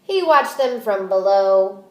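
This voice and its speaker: A woman teacher reading a picture book aloud and explaining it, in a deliberate, expressive manner. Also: mid-range voice, roomy sound.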